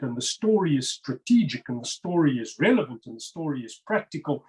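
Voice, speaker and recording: A man's voice: fairly high pitch, a little mellow, rough recording. Emphatic man explaining number patterns. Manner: emphatic and insistent, repeats words for stress. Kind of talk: interview, explaining over slides.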